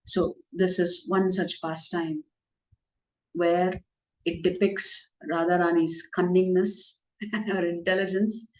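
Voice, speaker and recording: A woman's voice: lowish voice, flat delivery, takes it slowly. Woman telling a devotional story. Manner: conversational, with fillers and light laughs. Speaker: devotional class speaker. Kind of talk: storytelling religious talk. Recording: echoey room.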